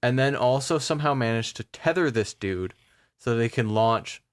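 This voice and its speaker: A woman's voice: very deep voice, animated, moderate pace, no echo, clean studio sound. A young woman co-hosting a podcast, joking and laughing through casual chat. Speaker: podcast co-host.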